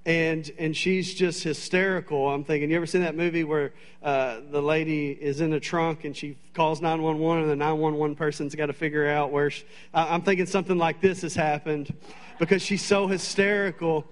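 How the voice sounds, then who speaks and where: A man with a fairly high voice preaching in a church. He tells funny, animated stories in a chatty way and often stops on fillers. It is an easygoing, storytelling sermon. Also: normal speed. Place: church sanctuary.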